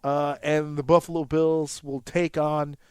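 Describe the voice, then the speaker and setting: Animated profane man telling a story. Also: fairly high pitch, unhurried, smooth, no echo. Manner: animated storytelling, profane, acts out his own reactions. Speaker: podcast co-host. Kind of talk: casual chat.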